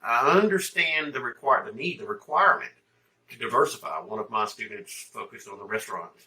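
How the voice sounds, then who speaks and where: Emphatic man from Mississippi, very bright tone, slightly distant from the mic. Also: medium pitch, animated, a little fast. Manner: emphatic, rising to loud bursts. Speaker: guest, agency mentor. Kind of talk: interview answers.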